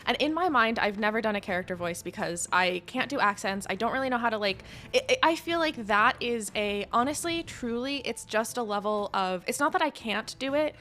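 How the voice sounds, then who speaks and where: A woman's voice: fairly high pitch, lively intonation, a little fast, hardly any pauses, pushed and bright, slight background noise. A young woman guest on a tabletop game podcast, talking things through reflectively with lots of fillers and restarts. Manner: reflective, searching for words, many fillers. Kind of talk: casual conversation.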